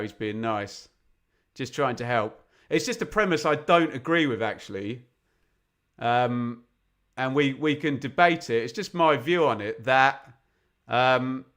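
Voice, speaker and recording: A man from England giving live football commentary on a fan watch-along, chatty and opinionated, with sudden bursts of excitement when chances come. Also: medium pitch. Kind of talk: live football commentary mixed with casual chat.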